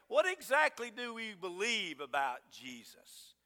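A middle-aged man preaching a sermon as pastor, swinging from loud emphatic declarations down to low, quiet asides. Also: normal speed. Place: church sanctuary. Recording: long church hall reverb.

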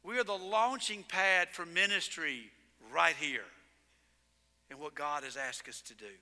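A male pastor preaching a sermon in a church, telling stories in an animated way and hitting words with sudden loud emphasis. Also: a little high, a little slow. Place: church sanctuary. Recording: long reverb in a church sanctuary.

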